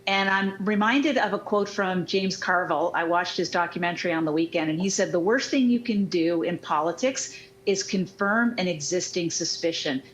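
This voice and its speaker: A woman's voice: lowish voice, normal speed, slight background noise, poor audio. A woman giving composed, critical political analysis as a TV panelist.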